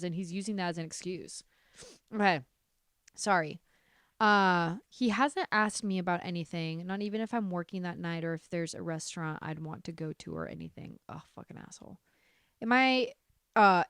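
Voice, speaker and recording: A young adult woman with a lowish, clear, resonant voice hosts a podcast, reading Reddit stories aloud in casual chat. She's animated and swears often, breaking off into heated, profane reactions as she reads. The recording is dry with clean studio sound.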